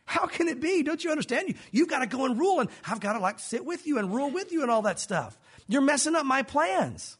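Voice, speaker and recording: A man's voice: very high-pitched, very animated, quick pace, a bit bright, voice pushed up, exaggerated voice. A man voicing an agitated male disciple who protests to his master and insists on his plans. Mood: pleading protest. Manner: pleading, insistent.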